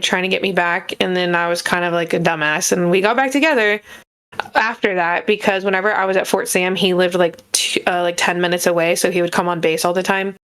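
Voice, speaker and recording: A young woman co-hosting a podcast, telling personal stories in a casual, animated and frank way, swearing freely. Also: lowish voice, smooth. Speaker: podcast co-host. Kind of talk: casual storytelling chat.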